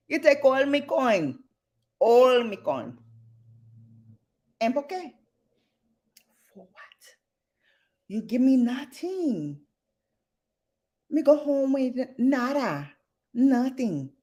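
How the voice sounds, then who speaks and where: This is a cranky older grandmother, voiced by a woman who scolds in a raised, fussy pitch. She complains slowly and indignantly, mixing Spanish words into her grumbling. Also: very animated, exaggerated voice.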